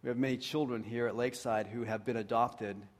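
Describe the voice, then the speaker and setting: A man with a mid-range, steady voice preaches to his flock a little quickly. His delivery is earnest, and he often goes quiet and hushed to underline what he says.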